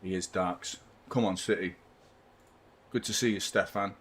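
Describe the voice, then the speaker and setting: A man's voice: sits low, steady tone, a little slow, a bit bright, slight background noise. A man hosting a live football watchalong, giving chatty, partisan fan commentary and swearing freely.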